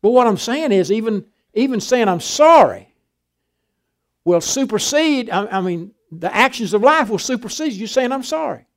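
An older man preaching a sermon, swinging from loud emphatic declarations to quiet, folksy storytelling. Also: sits high, animated, normal speed, few pauses.

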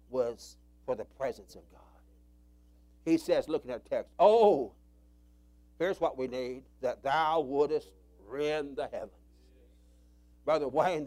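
A male preacher delivering an impassioned sermon, swinging from loud cries to low murmurs.

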